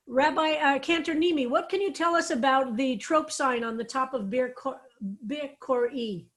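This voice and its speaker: A fairly high-voiced woman rabbi speaks slowly and deliberately over a video call. She walks her class through Hebrew words, one root at a time, in a patient teaching manner. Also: expressive, a bit bright. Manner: explanatory, unhurried, spells out Hebrew roots. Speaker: rabbi teaching a psalm study. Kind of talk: online Bible study class.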